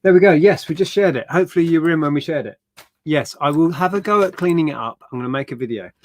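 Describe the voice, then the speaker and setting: A man's voice: a little high, fast. A man co-hosting a live stream, chatting casually in a jokey, playful way. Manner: jokey, playful, mock-indignant.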